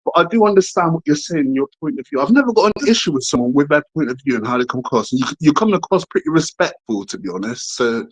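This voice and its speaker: Male caller, slightly high voice. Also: sing-song, fast, few pauses, husky, poor audio. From Britain. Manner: casual, hesitant, conversational. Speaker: caller, lawyer.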